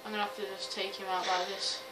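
Excitable woman, roomy distant sound. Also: mid-range voice, fast. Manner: excitable, swears, shrieks and laughs often. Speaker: gaming video host. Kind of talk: let's-play commentary. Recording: roomy, distant mic with game music. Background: game music and sounds.

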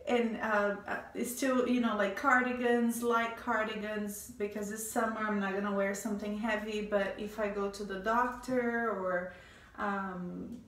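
A woman's voice: medium pitch, flat delivery, unhurried, fairly bright tone, roomy sound, distant mic. A heavily pregnant woman, a fashion stylist, giving a rambling casual tour of her closet, a bit out of breath, with many ums and restarts.

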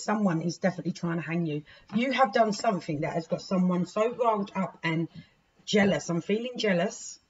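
A woman giving a weekly tarot reading, frank and indignant, swearing freely and breaking into sudden loud outbursts. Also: fairly low pitch, husky. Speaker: tarot reader. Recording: dull lo-fi recording with faint hiss.

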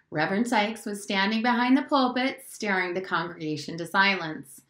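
A woman teacher reading a novel aloud in a steady, clear storytelling voice. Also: mid-range voice, moderate pace, few pauses. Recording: roomy echo.

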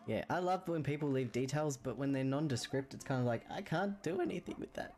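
Male streamer, casual rambling chat, laughs a lot, pitch swings widely, soft music underneath. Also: expressive, fast, few pauses. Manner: rambling, chatty, laughs often. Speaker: game streamer. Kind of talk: casual out-of-character chat while playing.

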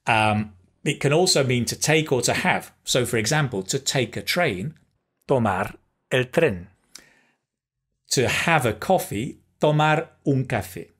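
A man with a slightly husky voice teaches a beginner lesson at an unhurried pace. His pitch rises and falls a lot as he models phrases and encourages listeners to repeat them. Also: animated, a bit bright. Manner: slow, careful, encouraging, pauses for repetition; switches between English and Spanish phrases. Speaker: Spanish teacher. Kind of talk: language lesson.

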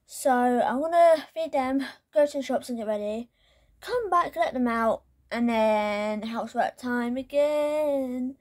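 A young woman with a fairly high voice talks casually to her viewers, filling gaps with ums and yeahs. She rambles easily from one thing to the next in a relaxed vlog style. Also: a little slow. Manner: chatty, rambling with many fillers. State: out of breath while walking. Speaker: vlogger.

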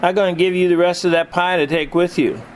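Man putting on a motherly lady who bakes, homey and fussing, higher voice, faint hiss. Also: steady tone, quick pace, close to an everyday voice.

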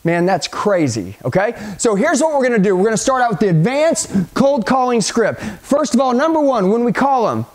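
This middle-aged sales trainer has a very high voice and talks briskly with few pauses. His punchy, hyped delivery speaks straight to the listener, and he acts out phone calls along the way.

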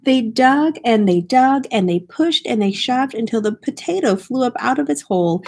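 A woman's voice: on the high side, creaky. A woman reading a folk tale aloud, stopping now and then to explain what is happening in the story. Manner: expressive, explains the story as she goes.

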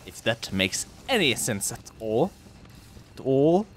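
A man's voice: mid-range voice, very animated, slow, slight background noise. A man hosting a let's play with casual gameplay commentary, swearing and shifting into odd, playful inflections.

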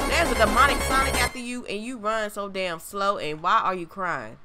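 A woman streamer gives excitable, cursing commentary while playing a horror game. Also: medium pitch, moderate pace, few pauses. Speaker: gameplay streamer. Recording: loud game music behind the voice.

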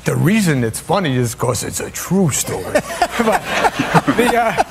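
A man's voice: a little high, very animated, unhurried, gravelly, heavy background noise. A man telling a comic anecdote as a talk show guest. He rambles, stammers and restarts, and laughs through his own story. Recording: played-back talk show clip with studio audience.

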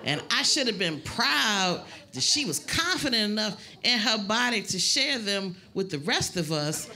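A woman doing a stand-up comedy set, telling a story in a sassy way with big pitch jumps when she quotes people. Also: big pitch swings, a little slow, pushed and bright.

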